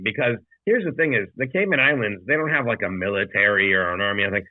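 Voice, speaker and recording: A man's voice: on the low side, animated, a little fast, few pauses, no echo. A man, a comedian co-hosting a podcast, telling a rambling, profane anecdote in casual chat over a video call. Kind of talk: casual storytelling. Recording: dry tinny video call audio.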